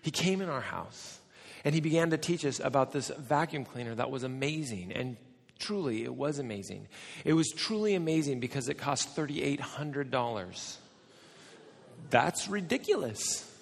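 American preacher in an echoing hall. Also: male voice, medium pitch, animated, normal speed, gravelly. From United States. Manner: conversational, joking asides to the audience. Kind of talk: sermon with humorous storytelling. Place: large church or conference hall. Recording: long hall reverb.

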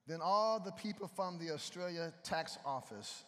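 High-voiced preacher in an echoey hall. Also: male voice, expressive, moderate pace, bright, forceful tone. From United States. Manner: conversational preaching, banters with the congregation. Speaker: pastor. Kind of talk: sermon.

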